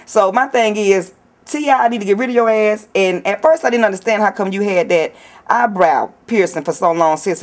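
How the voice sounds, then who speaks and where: A woman with a Southern accent ranting in a brash, profane, mocking vlog while sitting in a nail salon. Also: on the high side. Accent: Southern US, Atlanta area. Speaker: vlogger.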